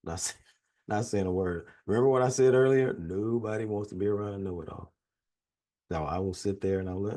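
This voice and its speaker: A man's voice: on the low side, a little fast, warm tone. A man from Louisiana with a Southern accent, a psychologist giving a folksy, chatty training talk over a video call. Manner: folksy, chatty, self-deprecating humor. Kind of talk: casual webinar lecture.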